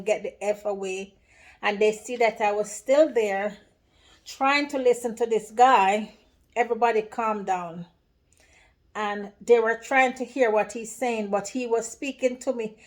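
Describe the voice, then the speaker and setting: A woman talks straight to her viewers in a casual vlog, her voice sitting a little high. She tells her story with lively, emotional energy, leaning into phrases like "let me tell you" as she builds it up. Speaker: vlogger.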